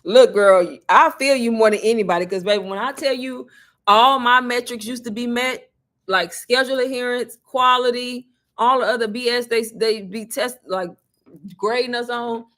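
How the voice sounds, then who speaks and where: A woman, casually telling her viewers a story, chatty and animated, often laughing. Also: fairly high pitch, normal speed. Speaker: online business creator.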